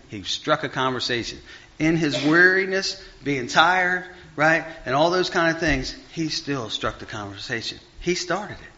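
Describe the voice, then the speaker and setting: A male preacher delivers a loose, conversational sermon full of restarts and asides. His voice is bright and forceful, and it swings from raised emphasis down to quiet murmurs. The dull, lo-fi recording softens the top end. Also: animated, measured pace, slight background noise. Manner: rambling, full of fillers and restarts, big swings in pitch and volume.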